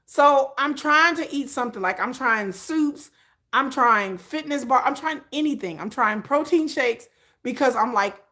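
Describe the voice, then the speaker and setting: A woman hosting a casual livestream, telling a long story in an animated, chatty way, rambling with restarts and acting out little asides. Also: high-pitched, normal speed. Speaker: livestream host.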